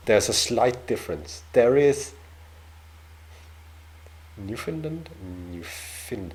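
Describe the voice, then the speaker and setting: A man's voice: on the low side, expressive, takes it slowly, long pauses, darkish tone. A young Danish man with a Danish accent hosts a reaction video, chatting in a hesitant, self-deprecating way with lots of fillers. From Denmark. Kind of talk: casual reaction commentary.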